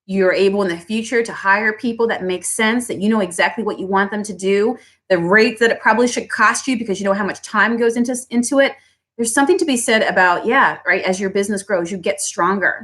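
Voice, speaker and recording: A woman who owns a small business, giving a motivational talk on pricing, often asking "right?" and acting out customers. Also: normal speed. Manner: animated, acts out customers in high voices, asks "right?" often.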